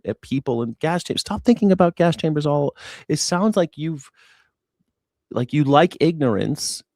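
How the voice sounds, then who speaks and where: A man hosts a live reaction stream and answers his chat with heavy sarcasm. His voice sits in a middle pitch and sounds dry and close, with no room around it. He moves from loud, pointed jabs to quiet, hushed asides. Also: dry recording. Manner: sarcastic, mocking, jumps between loud and hushed.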